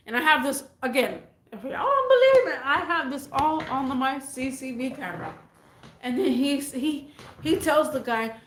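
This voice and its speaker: High-voiced woman telling a story casually. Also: moderate pace, roomy sound. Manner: animated, rambling, slangy. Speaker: vlogger.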